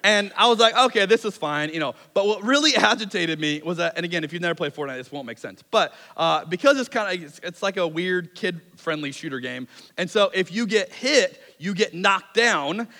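A man in his thirties preaching a sermon as a pastor, telling stories in a relaxed, self-deprecating way and acting out quotes. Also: sits high. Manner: conversational, self-deprecating storytelling with quick acted-out quotes. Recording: long hall reverb.

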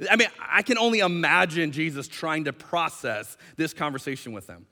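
A male pastor preaching with a high, bright voice, animated and quick to act out the people in his story. His voice carries the long reverb of a large hall. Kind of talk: sermon. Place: church hall.

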